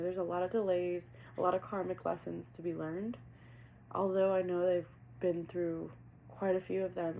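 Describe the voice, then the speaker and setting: Woman tarot reader, gravelly edge, earnest and heartfelt, channels messages as she talks, faint hiss underneath. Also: fairly low pitch, warm tone, poor audio. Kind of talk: casual tarot reading.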